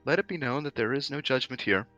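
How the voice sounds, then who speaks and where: A man playing a stern male lord in a tabletop role-play, speaking in formal, measured, courtly sentences. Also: medium pitch, expressive, pushed and bright, no room sound, dull audio, faint music behind, pitched above the performer's own voice. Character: stern male lord who hands out harsh decrees.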